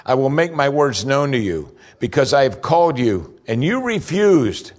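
A man preaching a sermon, reading scripture slowly and pressing his points with rising emphasis. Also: animated. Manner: earnest, rises in pitch for emphasis, slows for scripture reading.

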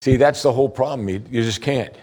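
A man delivering a sermon from the pulpit in an earnest preaching manner. He poses rhetorical questions to his listeners, lifting his voice to stress a point and slowing down on the lines that matter. His pitch sits in an ordinary middle range for a man. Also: a little mellow. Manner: rises in pitch for emphasis, slows for key points. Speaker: pastor.

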